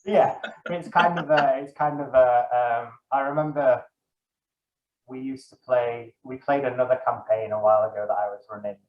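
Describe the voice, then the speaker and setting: A man's voice: medium pitch, fairly even intonation, normal speed. A young man, a dungeon master, chatting casually as an interview guest in a rambling way, correcting himself and filling gaps with ums. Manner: rambling, self-correcting, many fillers. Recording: echoey, dull lo-fi room sound.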